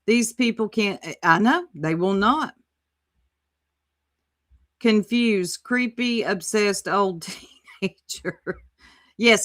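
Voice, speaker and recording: A woman's voice: mid-range voice, fairly bright tone. A woman hosting a casual commentary livestream, sassy and exclamatory, reading chat aloud and reacting to a clip. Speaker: livestream host.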